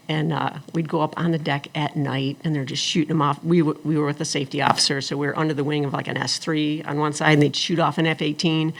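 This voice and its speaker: A middle-aged woman telling her story as an interview guest, animated and acting out the people she quotes. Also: deep voice, fast, gravelly, few pauses. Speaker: guest, attorney and former engineer.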